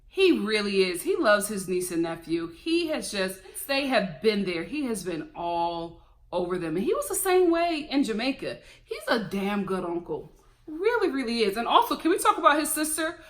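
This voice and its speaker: A woman's voice: mid-range voice, moderate pace. A woman giving a casual reality-TV review as a vlogger, talking in a sassy, opinionated way. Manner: sassy, animated, opinionated ranting with laughs. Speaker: TV recap vlogger.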